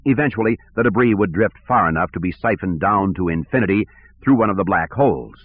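A man narrating an audiobook in a steady, measured way, on a tinny recording. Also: low-pitched, slight background noise. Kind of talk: scripted narration. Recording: tinny phone-like sound.

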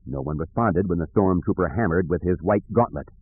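A man narrating an audiobook in a measured, even storytelling manner. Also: low voice, slightly rough, no echo. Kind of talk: scripted narration. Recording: dry tinny phone-like recording.

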